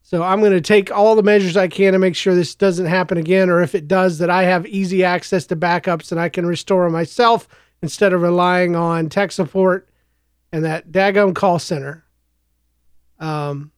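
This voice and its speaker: A man hosting his own podcast, speaking alone in a rambling, reflective way, a little hoarse from coughing. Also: high voice, moderate pace, no echo, studio quality. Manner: rambling and reflective, with frequent restarts. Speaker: podcast host. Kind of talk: casual solo podcast monologue.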